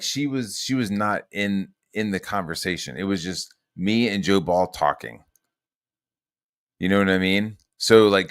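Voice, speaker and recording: A low-pitched man vents through a long, profane story, stacking fillers and restarts as he goes. His voice sits dry and close, with no room sound around it. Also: a bit bright, no room sound. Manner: profane, rambling, heated, full of fillers. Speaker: podcast host. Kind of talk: casual storytelling rant.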